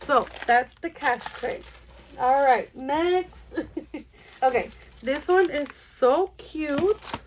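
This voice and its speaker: A young woman with a high voice talks in an unhurried, drawn-out way. She gushes over each item she unboxes and keeps calling her viewers "friends". It is a casual, excitable vlog chat. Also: slight background noise. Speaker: budgeting channel host.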